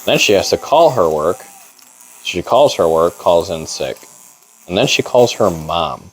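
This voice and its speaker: A man's voice: sits low, expressive, unhurried, breathy edge, low-quality recording. A young man casually telling a long story in a barbershop, laid-back and full of "like". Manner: rambling, laid-back, heavy on "like".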